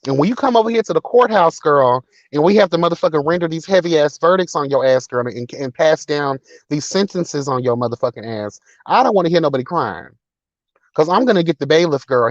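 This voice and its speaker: A sassy man on a casual livestream, swearing freely and throwing dramatic shade. His voice sits a little high. The sound is dull and dry, with no room echo. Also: expressive, fairly quick. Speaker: livestream host reading chat. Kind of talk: casual chat.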